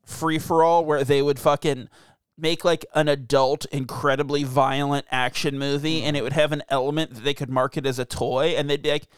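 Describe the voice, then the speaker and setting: A man's voice: a little high, flat delivery, moderate pace, clean tone, dry recording. A man co-hosting a podcast, chatting casually with crude, joking banter. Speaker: podcast co-host. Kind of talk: casual chat.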